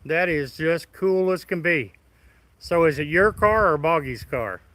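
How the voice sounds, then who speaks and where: A man from the chats with viewers of his live stream in a folksy, easygoing way. His voice sits a little high and sounds bright and forward. The recording is dry and close, with no room sound. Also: animated, a little slow, no room sound, low-quality recording. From Midwest of the United States. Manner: folksy, friendly, greets viewers by name. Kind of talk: casual live stream chat reading comments.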